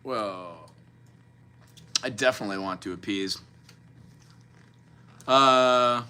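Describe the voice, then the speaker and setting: A man live-streaming as a musician, chatting casually with viewers between songs in a rambling, quick-aside way. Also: medium pitch, pushed and bright, smooth. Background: guitar playing.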